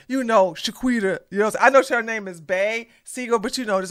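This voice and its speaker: A woman's voice: on the high side, moderate pace, fairly bright tone. A woman giving casual reaction commentary, blunt, sassy and emphatic in how she talks.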